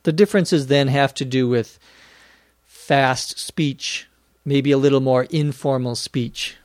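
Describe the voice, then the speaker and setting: With a mid-range voice and clean studio audio free of room sound, this English-learning podcast host takes listener questions. He teaches slowly and carefully, spelling out words one letter at a time.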